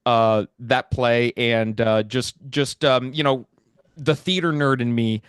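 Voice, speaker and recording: A man's voice: medium pitch, fairly even intonation, slow, a bit bright, clear, resonant tone, dry recording, clean studio sound. A man hosting a podcast interview, talking in a rambling way with many fillers. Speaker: podcast host. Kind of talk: casual interview chat.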